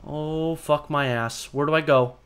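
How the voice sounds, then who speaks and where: A man giving live gameplay commentary, jokey and excitable, swearing often. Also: fairly high pitch, a little slow, clear, resonant tone. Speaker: gaming video host.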